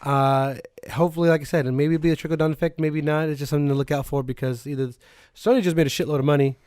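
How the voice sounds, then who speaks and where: A man's voice: a little high, steady tone, very fast, darkish tone, dry recording, studio quality. A man hosting a casual gaming podcast, joking and swearing freely as he talks. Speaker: podcast host. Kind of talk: casual chat.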